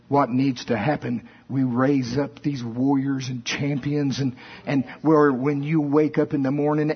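A man preaching a folksy, animated sermon that rises to shouts at its peaks. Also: medium pitch, a little slow, hardly any pauses, husky. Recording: dull lo-fi recording.

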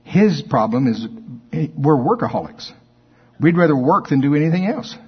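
A man preaching a sermon as pastor, lively and conversational, acting out both sides of imagined exchanges with his listeners. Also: a little high, moderate pace, slightly rough, highs cut off.

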